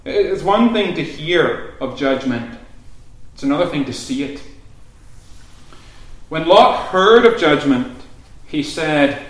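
Male preacher, earnest, rising to urgent shouts; somewhat high voice, heavy room echo. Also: animated, measured pace. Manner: earnest, builds to loud urgent calls. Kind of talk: sermon. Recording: very echoey room.

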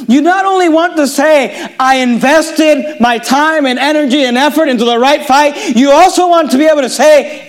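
Man, pastor, sermon, high voice, emphatic, swings loud to quiet. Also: animated, brisk. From United States.

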